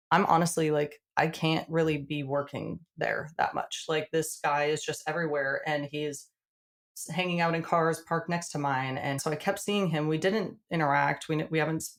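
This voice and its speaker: Low, gravelly-voiced woman telling her story. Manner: animated, acts out quoted dialogue; frequent "like" fillers. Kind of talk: casual storytelling.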